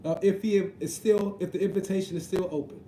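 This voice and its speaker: A high-pitched, mellow-toned man chats casually on a live stream. He jokes a lot, drops slang and keeps asking "you know what I mean". His voice sits in an echoey room with a faint hum behind it. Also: steady tone, a little fast. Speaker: livestream host reading chat.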